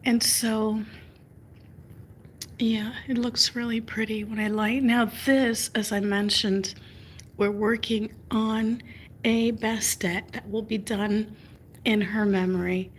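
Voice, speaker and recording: Woman host, unhurried, casual live chat with viewers, faint room hum behind. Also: fairly high pitch, level tone. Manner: chatty, greets viewers by name, drifts into soft whispers. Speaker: livestream host.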